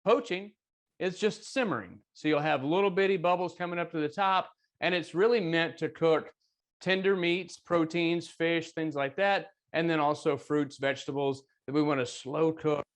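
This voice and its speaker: A man with an Arkansas accent teaching a relaxed cooking lesson as a chef, folksy and joking with friendly asides. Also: on the high side, normal speed. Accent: Arkansas Southern.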